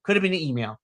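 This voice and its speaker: A man co-hosting a wrestling podcast in casual chat, animated and laughing often, acting out his own reactions. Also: sits high. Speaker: podcast co-host.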